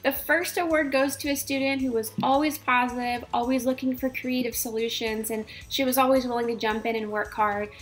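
A woman teacher presenting class awards in a steady, orderly, warmly formal way. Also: on the high side, a little fast, hardly any pauses, faint music behind.

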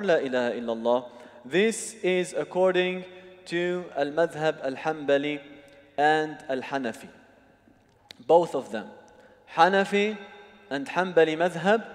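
A man teaching a religious seminar, explaining step by step and often checking that the audience follows. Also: on the high side. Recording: long hall reverb.

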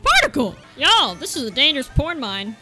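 A woman giving excitable gameplay commentary, yelping and cracking crude jokes. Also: a little high, moderate pace, soft background music. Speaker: gaming YouTuber.

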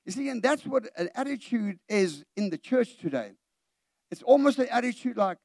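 A man's voice: very high voice, lively intonation, moderate pace, darkish tone, dry recording, clean studio sound. A middle-aged man preaching a sermon in a church. He preaches with animation, puts questions straight to the congregation and acts out the voices he quotes. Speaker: pastor.

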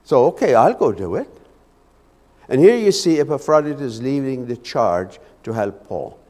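Give me a fervent male lay preacher with a lively, swooping delivery, recorded in a reverberant sanctuary. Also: mid-range voice, moderate pace. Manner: fervent, stumbling on repeated words. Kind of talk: sermon. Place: church sanctuary. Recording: echoey church hall.

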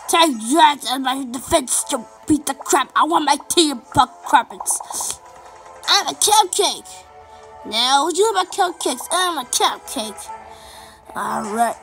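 High-voiced woman doing let's play commentary, excitable, keeps chanting the same bits, slow and kinda gravelly. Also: soft background music. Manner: excitable, chanting and repeating phrases. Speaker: gameplay commentator.

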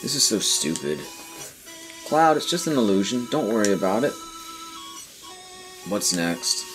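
A man's voice: fairly low pitch, big pitch swings, unhurried. A man hosting a game playthrough, reading the dialogue aloud with dry asides. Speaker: let's play host. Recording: faint game music behind.

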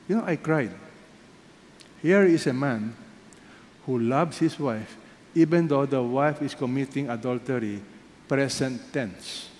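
A man with a Filipino accent preaching a sermon as pastor, firing rhetorical questions and swinging between loud emphasis and hushed asides. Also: medium pitch, measured pace, pauses often. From Philippines. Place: large church hall. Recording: echoey hall, faint background noise.

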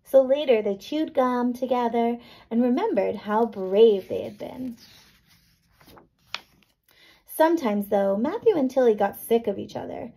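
A woman teacher reading a picture book aloud to young children, gentle and patient, pausing to check in with them. Her voice is a little high, with a gravelly, mellow grain. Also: expressive, poor audio. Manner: gentle, checks in with "right?" and "okay?".

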